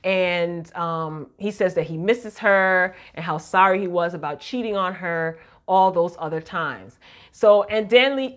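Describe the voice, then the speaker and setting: A woman, casually recapping a TV drama episode in a chatty, animated way with slang. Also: lowish voice, measured pace. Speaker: recap vlogger.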